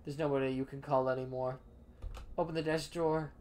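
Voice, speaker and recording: Low-voiced woman playing a text game. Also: steady tone, fairly quick, darkish tone. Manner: playful, reads game text aloud, laughs often. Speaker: game streamer. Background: keyboard typing.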